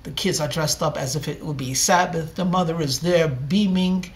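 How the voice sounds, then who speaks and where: A man's voice: a little high, normal speed. A man, a rabbi, telling a story in a sermon and acting out the characters' lines dramatically. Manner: dramatic storyteller, acts out dialogue.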